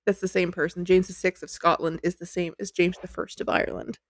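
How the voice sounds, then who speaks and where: A woman's voice: fairly low pitch, flat delivery, fairly quick, dry recording. A woman hosting a podcast, telling a story in a chatty, giggly, self-deprecating way into a close mic. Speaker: podcast host.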